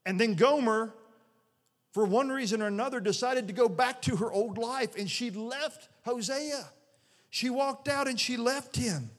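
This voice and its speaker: A middle-aged male pastor preaches an earnest, conversational sermon in a church sanctuary, frequently restarting his phrases. His voice is extremely high and unhurried, carried by the long reverb of a large hall.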